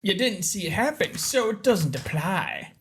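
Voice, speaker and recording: A man's voice: sits high, very animated, unhurried, a bit bright, a little hiss or hum, exaggerated voice. A man voicing an irritated bus passenger who confronts a smoker, blunt and exasperated.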